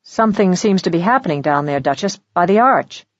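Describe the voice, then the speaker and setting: A woman narrator voicing a grim, protective male spy partner with a clipped, low delivery. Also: animated, a little fast, no room sound, dull audio.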